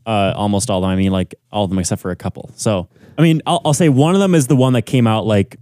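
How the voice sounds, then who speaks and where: Young man, casual podcast chat, filler-heavy, mellow, dry. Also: on the low side, fast talker, dry recording.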